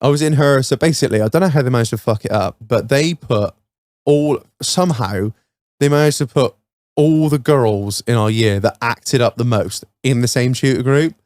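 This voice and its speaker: A man's voice: medium pitch, moderate pace, darkish tone, no echo, clean studio sound. A man co-hosting a podcast, telling school stories in a sweary, laughing, casual chat. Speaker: podcast co-host.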